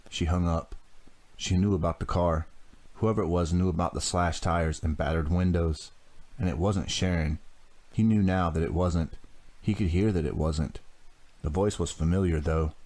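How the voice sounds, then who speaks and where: A man narrating a teen horror audiobook in a measured, even storytelling manner. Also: deep voice.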